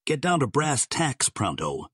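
A man's voice: deep voice, big pitch swings, normal speed, husky, no room sound, studio quality, exaggerated voice. A man voicing a sardonic male gangster boss who drawls his threats in slang. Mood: menacing.

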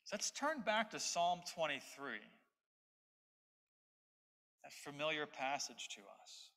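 A man's voice: a little high, expressive, takes it slowly, pushed and bright. A man preaching an expository sermon as pastor, stressing his points through repetition. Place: church sanctuary. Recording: long hall reverb.

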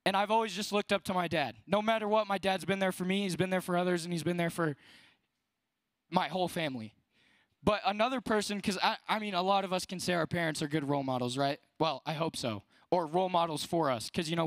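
A man's voice: high voice, fairly bright tone, no room sound. A young man in his late teens giving a casual youth sermon, talking conversationally and filling his speech with "like". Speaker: student speaker at a youth service.

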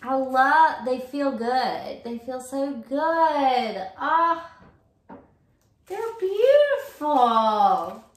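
A woman in her 30s from Virginia, US, gushes with delight while opening gifts in a casual vlog. Her high voice is effusive, slow, and drawn-out, and the recording has a roomy echo.

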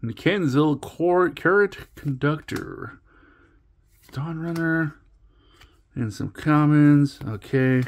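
A man's voice: on the high side, slow, pauses often. A man hosting a casual card pack-opening video, rambling and joking at himself as he stumbles over card names. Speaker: card-opening channel host.

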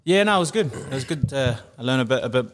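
A man's voice: mid-range voice, expressive, fast. A man in his twenties, a guest athlete, talking casually and hesitantly with many fillers. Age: 20s. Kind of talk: casual chat.

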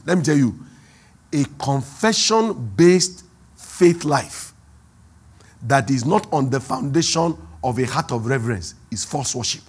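A man with a Nigerian accent, preaching a sermon as pastor, who swings from quiet asides to loud, drawn-out emphasis. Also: medium pitch, lively intonation, slightly rough. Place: church hall.

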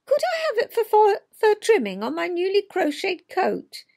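A woman putting on a shrill, fluttery old neighbour. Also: wildly swooping pitch, moderate pace, creaky, darkish tone, heavily acted.

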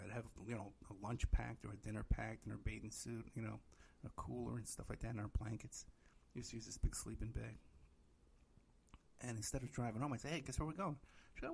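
A man's voice: lowish voice, vocal fry, a little mellow, a little hiss or hum. A middle-aged man hosting a podcast, telling a rambling story in casual chat, full of "you know" fillers and acting out quoted voices. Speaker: podcast host.

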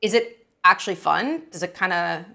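A woman's voice: fairly low pitch, lively intonation, moderate pace, vocal fry, pushed and bright. A woman in her thirties talking to camera in a casual travel vlog, brash, playful and blunt, with frequent swearing. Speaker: travel vlogger.

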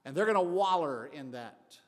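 An older man preaches a Bible study in a church sanctuary, his words ringing out with a long hall reverb. His voice sits slightly high for a man. His folksy delivery swings between emphatic bursts and quiet, low asides. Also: expressive, normal speed. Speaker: pastor.

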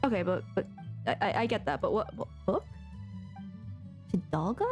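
Speaking briskly at a medium pitch, a female streamer chats casually while gaming. She talks to herself and giggles a lot, with game music playing behind her.

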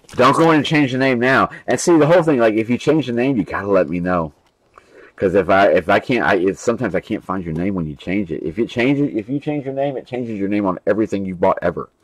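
A man's voice: on the low side, expressive, brisk, dry recording, poor audio. A young man hosting a live card break stream, casually rambling and reading off names and card numbers.

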